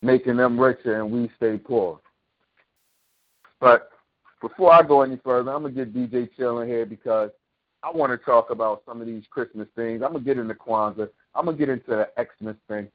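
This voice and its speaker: A man with a mid-range voice talks fairly quickly as he hosts a talk show, launching into a heated, preachy opinion monologue packed with sarcastic rhetorical questions and swearing. His impassioned ranting comes through with a tinny, phone-like sound.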